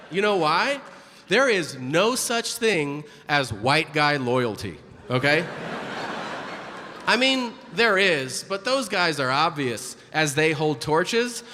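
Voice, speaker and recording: A man performing a stand-up comedy set, telling stories and acting out other people's voices and shouts. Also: fairly high pitch. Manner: animated storytelling, acts out voices and shouts. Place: comedy stage before a live audience. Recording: live room with audience noise.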